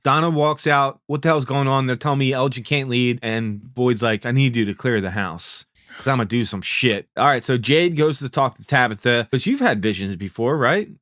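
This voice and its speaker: Male recap host, young adult, middle pitch, dry close sound, casual retelling, acts out lines. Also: dry recording. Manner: lively retelling, acting out characters' lines.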